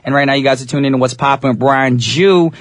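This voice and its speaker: A young male radio DJ with an easygoing, chatty manner, talking directly to his listeners. His voice sits at a middle pitch and is slightly raspy. The studio sound is dry and close. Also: fast, dry recording. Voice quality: a little raspy today. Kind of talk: English-language radio DJ chat.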